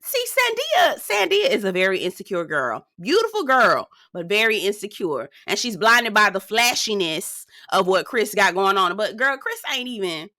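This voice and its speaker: Sassy woman recapping a show, bright tense voice, keeps saying girl, dry close sound. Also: normal speed, hardly any pauses, no echo. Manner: sassy, chatty, calls the viewer "girl"; animated, swinging up high for emphasis. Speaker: reality TV reviewer. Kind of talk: casual recap commentary.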